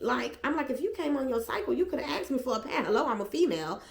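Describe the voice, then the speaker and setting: A woman's voice: high voice, quick pace, hardly any pauses. Woman vlogger telling a story emotionally. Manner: animated, emotional retelling. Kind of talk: storytime vlog. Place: at home, seated. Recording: echoey room.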